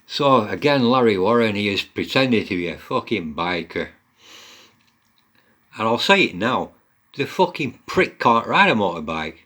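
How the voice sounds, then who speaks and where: A man's voice: lowish voice, big pitch swings, normal speed, sharp tone. A man giving blunt, mocking commentary on online posts, swearing a lot as he goes.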